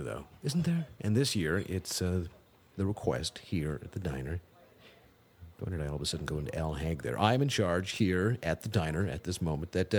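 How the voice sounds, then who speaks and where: A middle-aged male radio host with a low, somewhat dark voice delivers a scripted comic monologue. His style is dry and wordy, packed with wry humor and bad puns.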